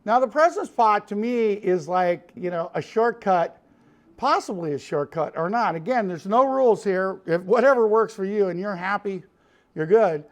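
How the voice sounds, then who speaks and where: A man's voice: high voice, lively intonation, moderate pace. A middle-aged man with a Chicago accent, a studio producer giving a folksy, hands-on demonstration of guitar tone. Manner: folksy, calls people "Mister". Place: recording studio.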